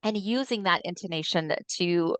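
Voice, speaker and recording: A woman's voice: on the low side, normal speed, fairly bright tone, no room sound. A woman presenting an educational webinar in a friendly, explanatory way with frequent ums, recorded on a video call microphone. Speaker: webinar presenter for an ALS voice nonprofit.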